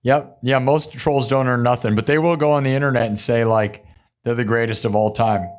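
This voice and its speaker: A man's voice: mid-range voice, steady tone, brisk. A man hosting a live music stream, chatting casually with viewers, laughing often and acting out quotes.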